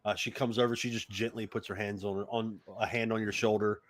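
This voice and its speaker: A man's voice: on the low side, flat delivery, fairly quick. A man narrating a tabletop game as game master, talking loosely with lots of fillers. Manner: rambling, loose, with many fillers.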